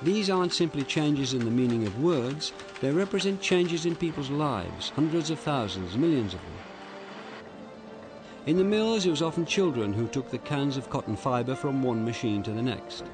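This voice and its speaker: A man narrating a history documentary in a measured, deliberate way. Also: medium pitch, animated, over music. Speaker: documentary presenter.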